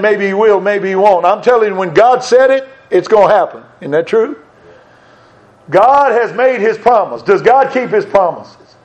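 An older man preaching a sermon in a high, light voice. He speaks earnestly and with emphasis, circling back on phrases to stress them. The recording sounds dull and lo-fi.

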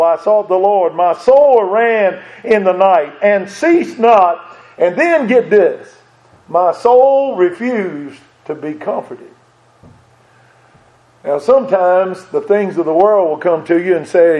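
A preacher with a high, slightly mellow voice speaks slowly but animatedly, earnestly repeating phrases and asking listeners direct questions. The sound quality is dull and lo-fi.

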